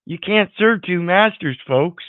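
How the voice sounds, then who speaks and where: A man's voice: high voice, animated, measured pace, no echo. Man, preachy commentator, moralizing, tinny phone-like sound, dry. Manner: preachy, moralizing, repeats words while searching. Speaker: panel host. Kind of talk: lecturing commentary.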